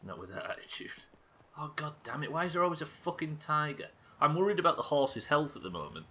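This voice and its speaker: Bright-voiced, joking streamer. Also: male voice, a little high, very animated, fast. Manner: swearing, joking asides to chat. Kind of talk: live gameplay commentary.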